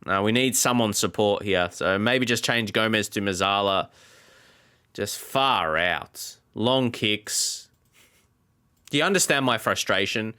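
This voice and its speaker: A man's voice: lowish voice, measured pace, bright, forceful tone, clean tone. A man giving let's play commentary as a gaming YouTuber, often exasperated and talking back at the game.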